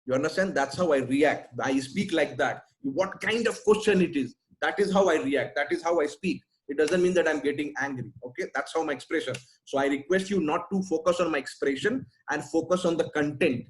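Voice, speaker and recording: A man's voice: a little high, fairly quick, hardly any pauses, slight background noise, low-quality recording. A man answering questions in a webinar, blunt and emphatic, often ending with "right?". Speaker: sales trainer answering questions.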